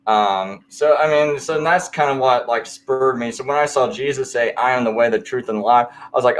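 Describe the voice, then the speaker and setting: A man's voice: mid-range voice, moderate pace, hardly any pauses. A man telling a personal conversion story in a casual late-night chat, rambling and full of fillers.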